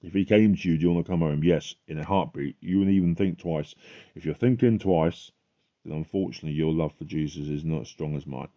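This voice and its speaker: A man's voice: extremely low pitch, a little fast, warm tone, muffled recording. A man hosting a podcast, giving a fervent, emphatic religious testimony.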